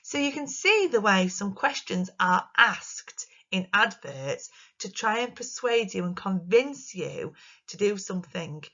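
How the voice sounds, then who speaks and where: A woman teacher, giving a recorded lesson to young children in an expressive, sing-song way. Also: mid-range voice, a little slow, dull audio. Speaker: primary school teacher.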